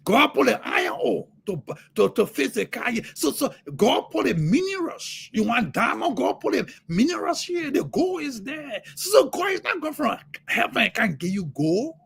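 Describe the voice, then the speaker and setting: A man preaching on a livestream as a motivational speaker, fervent, repeating words and bursting into shouts. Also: very high voice, sing-song, normal speed, vocal fry, hardly any pauses, husky.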